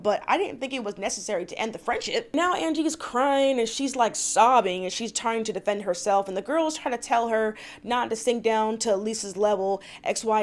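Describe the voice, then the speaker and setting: Young woman, fairly high voice, casual recap vlogger, blunt, opinionated. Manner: blunt, opinionated, exasperated asides.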